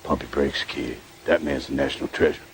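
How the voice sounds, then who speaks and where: A man's voice: rumbling low, steady tone, fairly quick, vocal fry, background noise. An actor playing a blunt, streetwise older man in a film scene. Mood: stern.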